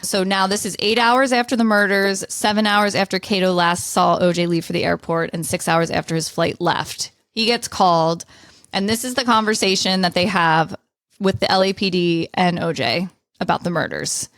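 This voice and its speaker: A woman's voice: lowish voice, normal speed, fairly bright tone, no echo. A woman co-hosting a podcast, casually walking listeners through a true-crime story in order. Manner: storytelling, reading events in order. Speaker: podcast co-host.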